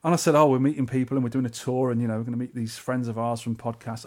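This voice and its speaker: A man with a London accent rattles through a travel story on a podcast, talking fast and easily. He is animated and slips into voices for the people in his tale. His pitch sits mid-range for a man. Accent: English, London. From England. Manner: animated, acts out quoted voices. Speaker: podcast co-host. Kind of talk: casual storytelling chat.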